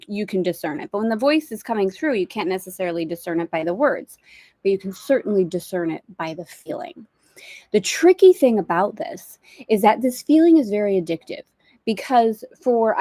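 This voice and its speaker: A woman's voice: medium pitch, a little mellow, no echo, studio quality. Chatty woman teaching from a boat. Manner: chatty, reflective, laughs easily. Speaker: spiritual course teacher. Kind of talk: casual livestream teaching. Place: on a boat at anchor in a bay. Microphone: external mic on a live video stream.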